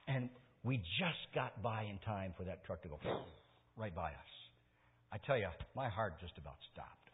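A man's voice: lowish voice, breathy edge. An older male pastor preaching a sermon, earnest and story-driven, rising into emphatic stresses. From Michigan, US. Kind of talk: sermon with personal stories. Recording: tinny sermon recording in a reverberant hall.

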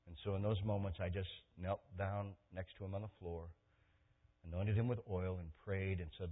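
A male pastor preaching a sermon, telling a story and swinging from hushed tones to loud, excited peaks. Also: low-pitched, normal speed, narrow, tinny audio.

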